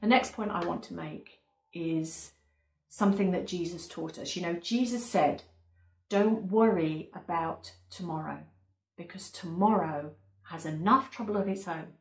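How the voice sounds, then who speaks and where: A woman's voice: fairly low pitch, measured pace, a little mellow. A woman preaching a sermon in an earnest, emphatic way, often repeating key words. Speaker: pastor. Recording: echoey room.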